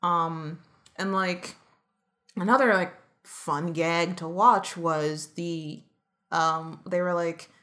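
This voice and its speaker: A woman's voice: lowish voice, fairly even intonation, slow pace, fairly bright tone. A woman co-hosting a casual chat about old cartoons, hesitant and full of fillers. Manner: hesitant, many likes and fillers. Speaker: podcast co-host.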